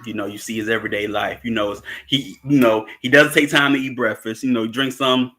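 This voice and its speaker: A man's voice: mid-range voice, steady tone, a little fast, bright, forceful tone. A man in casual chat recapping a film, rambling and chuckling often as he acts out the characters' lines. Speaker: movie discussion participant.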